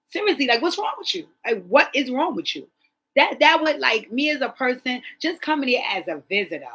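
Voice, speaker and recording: A woman's voice: mid-range voice, sharp tone, poor audio. A woman hosting her own vlog, giving blunt opinions in casual chat and repeating lines for emphasis. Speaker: host.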